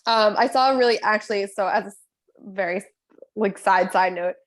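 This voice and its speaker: A woman's voice: medium pitch, normal speed. Giggly female podcast co-host. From Texas. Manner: laughs easily, chatty. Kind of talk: casual chat.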